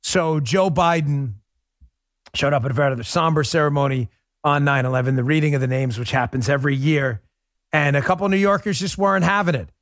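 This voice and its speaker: Talk radio host, man from Queens, a bit high-pitched, lively and joking, dry close mic. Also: brisk, no echo. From New York, Queens. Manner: animated, laughing, chatty.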